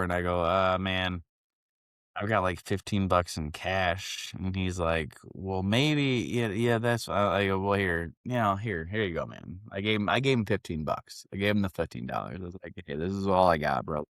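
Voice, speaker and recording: A young man from Northwest Indiana with a low voice tells a rambling, profane story, slipping into voices for the people he quotes. The sound is dry and close, with no room around it. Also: normal speed, no echo. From Northwest Indiana, Chicago area. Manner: profane, rambling, animated when acting out quotes. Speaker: podcast co-host. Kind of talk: casual podcast chat, storytelling.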